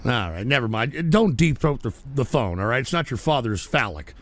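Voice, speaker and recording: Loud foul-mouthed male call-in host. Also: mid-range voice, very animated, brisk, heavy background noise. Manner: loud, abrasive, swearing. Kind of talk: profane call-in radio banter.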